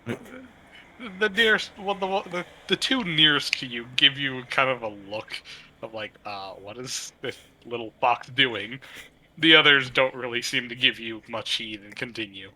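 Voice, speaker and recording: A man running a tabletop game as game master, narrating in a halting way, full of fillers and restarts. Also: medium pitch, expressive, sharp tone.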